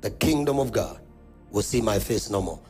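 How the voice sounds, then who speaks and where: Delivering a sermon at a church conference, a Kenyan-accented man calls out to the congregation and leads them in call-and-response. He booms, with abrupt shifts in pitch and volume, sounding animated and a little mellow at a normal speed. Faint music sits behind him.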